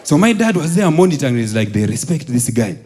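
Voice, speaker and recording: In a live stand-up set with laughter from the crowd, a man from Uganda recounts his school days and plays every character. He talks fast in a mellow, husky voice with big pitch swings, soaring high and plunging low for the quoted voices.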